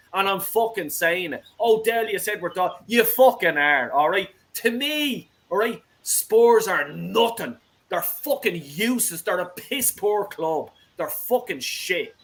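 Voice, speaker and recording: A man's voice: high voice, a bit bright, rough recording. A man hosting a football fan call-in show, ranting heatedly with constant swearing.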